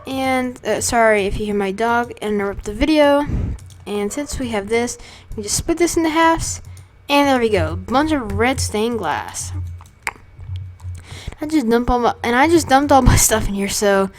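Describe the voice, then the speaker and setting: A student casually narrates their own gameplay as a let's play creator, chatty and rambling and often stopping to correct themself. The voice is medium in pitch at a normal speed.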